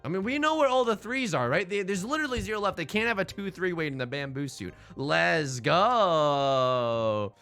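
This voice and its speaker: A young man streaming a tile game, rambling and self-deprecating as he thinks out loud. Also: high voice, sing-song, fast talker, hardly any pauses, soft background music. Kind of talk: casual game commentary.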